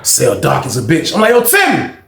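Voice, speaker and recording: A man with a gravelly voice telling a story in an animated way and acting out what other people said. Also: on the high side, moderate pace, echoey room, music in the background. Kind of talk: storytime monologue.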